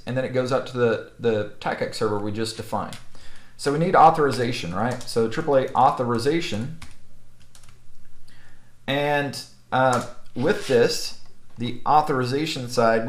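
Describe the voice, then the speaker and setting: A man's voice: mid-range voice, echoey room. A man giving a casual screen-recorded technical tutorial, often checking in with "okay?" and "right?". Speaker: network instructor.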